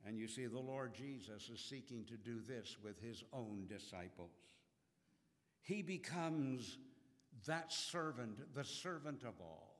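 A man preaching a sermon in a slow, earnest way, with dramatic rises in his voice. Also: medium pitch, expressive, a bit bright. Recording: long hall reverb.

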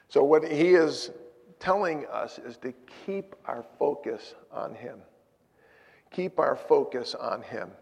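A man preaching a sermon, telling stories and moving from loud urging to hushed asides. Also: medium pitch, animated, a little slow, gravelly, husky. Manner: storytelling, swinging from loud exhortation to hushed asides. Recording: hall with long reverb.

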